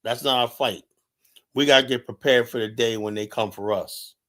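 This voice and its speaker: A man's voice: medium pitch, fairly even intonation, normal speed, fairly bright tone. A man from the United States hosting a live stream, delivering an urgent, impassioned monologue and repeating his points with many fillers.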